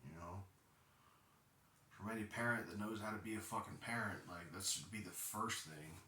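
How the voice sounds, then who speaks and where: A man's voice: on the low side, normal speed, background noise. A man in his thirties telling a personal story as a podcast host, blunt and profane, and heated at times. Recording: roomy sound, distant from mic.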